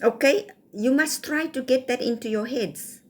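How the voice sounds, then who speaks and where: A woman's voice: high voice, normal speed. Scolding South African woman. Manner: scolding, lecturing, rhetorical. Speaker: vlogger. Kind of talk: casual rant to camera.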